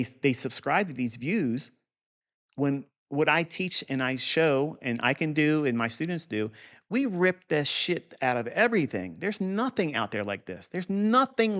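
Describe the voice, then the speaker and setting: Blunt gravelly man teaching trading. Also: medium pitch, fairly bright tone. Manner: blunt, profane, boastful, asides. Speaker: trading educator. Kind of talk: unscripted chart walkthrough.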